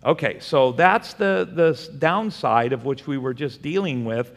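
A man's voice: medium pitch, a little slow. A man preaching a Bible study sermon, asking the room questions and answering them himself. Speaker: pastor teaching a Bible study. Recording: long hall reverb.

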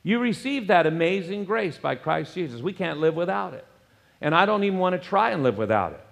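A man preaching a sermon as pastor, emphatic, with wide swings between loud, raised phrases and low, quiet ones. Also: very animated, a little fast, vocal fry. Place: church sanctuary. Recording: long hall reverb.

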